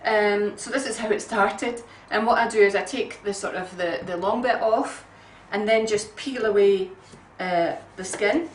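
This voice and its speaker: A woman's voice: medium pitch, measured pace, few pauses, slight background noise. Chatty woman cooking at home. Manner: chatty, homely, many ums. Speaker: home cook. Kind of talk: casual cooking demonstration. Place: home kitchen. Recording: roomy kitchen sound from a distant mic.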